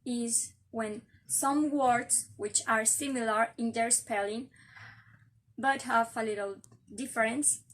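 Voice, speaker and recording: A woman's voice: a little high, fairly even intonation. A young woman with a Colombian Spanish accent, giving a careful class presentation on word stress. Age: young adult. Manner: slow, careful, explanatory. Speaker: student presenter.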